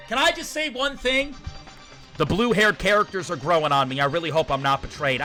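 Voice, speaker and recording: A young man streaming a video game, reacting in an excitable, profane way and shouting at the screen. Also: fairly high pitch.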